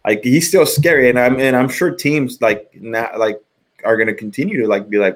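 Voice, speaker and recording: A middle-aged man, a former pitcher, chatting casually on a podcast, rambling with many restarts and fillers. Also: normal speed. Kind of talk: casual sports chat.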